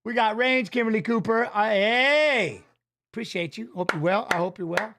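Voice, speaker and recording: High-voiced man in loose stream chat. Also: quick pace, a bit bright. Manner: loose and jokey, reads viewer comments aloud, swears casually. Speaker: co-host of a fight watch-along stream. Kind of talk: casual live-stream chat.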